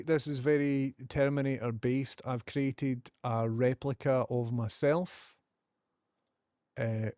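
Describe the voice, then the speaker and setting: A man's voice: medium pitch, darkish tone, dry recording, studio quality. A Scottish man chatting casually on a live stream, joking and laughing often.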